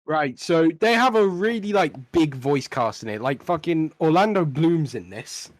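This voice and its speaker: A man's voice: fairly high pitch, lively intonation, moderate pace, dry recording. A young man co-hosting a casual podcast, ranting bluntly with plenty of swearing. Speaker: podcast co-host.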